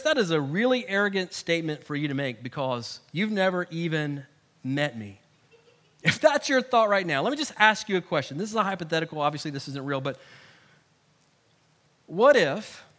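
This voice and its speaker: Pastor guy preaching, high bright voice, gets loud then drops to a hush. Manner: animated, swings between loud emphasis and hushed asides. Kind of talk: sermon.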